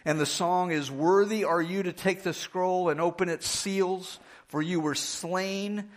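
A man preaching a sermon, reading scripture aloud with slow, emphatic phrasing that drops low and quiet on key words. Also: steady tone.

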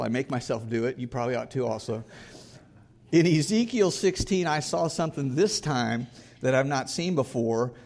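A man's voice: medium pitch, darkish tone. Earnest male pastor preaching a sermon. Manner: earnest, reads scripture aloud with emphasis.

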